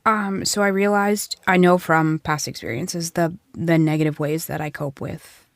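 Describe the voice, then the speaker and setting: Soft-spoken woman podcast co-host, hesitant. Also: sits low, fairly even intonation, normal speed, vocal fry, no echo, clean studio sound. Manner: thoughtful, hesitant, with many fillers. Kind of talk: casual chat.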